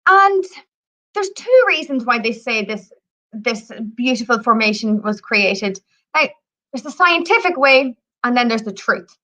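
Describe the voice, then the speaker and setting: A woman tells folklore in a chatty, animated way, speaking over a video call. Her voice sits high and sounds bright and sharp. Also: a little slow. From Ireland. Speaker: tour operator representative. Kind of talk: storytelling on a live video presentation.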